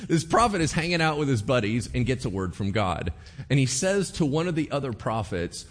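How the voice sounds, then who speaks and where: A man preaching a sermon, telling a Bible story playfully and acting out the characters in quick bits. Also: medium pitch, sing-song. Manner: playful, acts out characters with voices and laughs. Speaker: pastor.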